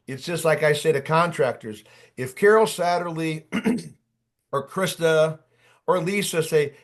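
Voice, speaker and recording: A man in his late fifties running an online job-search workshop, talking in an animated, chatty way and calling on attendees by name. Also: fairly high pitch, unhurried. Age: 50s. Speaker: workshop coach. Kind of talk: energetic online workshop talk.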